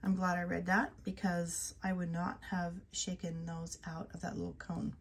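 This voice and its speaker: A woman chatting casually as she swatches fountain pen inks. She is soft-spoken, and her voice drifts into whispers now and then. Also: lowish voice, flat delivery, moderate pace, breathy edge. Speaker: ink reviewer. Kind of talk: casual chat while swatching ink.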